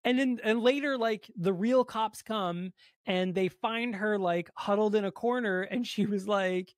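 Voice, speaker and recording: Excited co-host retelling movie scenes. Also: medium pitch, a little slow, no echo, clean studio sound. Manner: animated retelling of scenes, swears, acts out quotes. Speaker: podcast co-host. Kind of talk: casual movie review chat.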